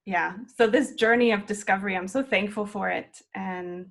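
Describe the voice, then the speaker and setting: In an unhurried, reflective interview, a woman in her twenties describes her journey as a flute student. She speaks at a middle pitch with some vocal fry and a fairly bright tone, sounding earnest and encouraging.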